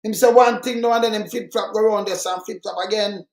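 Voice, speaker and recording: Blunt older Jamaican man, high voice. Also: fairly even intonation, quick pace, creaky, roomy sound. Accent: Jamaican Patois. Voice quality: talks in Jamaican Patois, blunt and emphatic. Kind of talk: casual chat.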